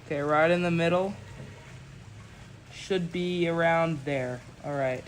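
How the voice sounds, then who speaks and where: A man's voice: a little high, slow pace, slight background noise, rough recording. A young man narrating a livestream as he builds a rocket at home, talking casually with many fillers and restarts. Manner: rambling, full of "you know" fillers and restarts.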